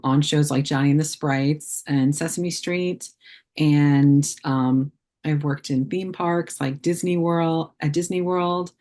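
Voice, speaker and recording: Low-voiced woman chatting with fillers. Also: warm tone. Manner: chatty, many fillers and restarts. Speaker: puppeteer guest. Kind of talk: casual interview chat.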